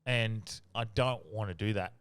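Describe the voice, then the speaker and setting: A man's voice: lowish voice, moderate pace, clean tone. A man, hosting a casual podcast chat, swearing often and laughing. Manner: sweary, laughs, jumps into loud impressions of friends. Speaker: podcast host.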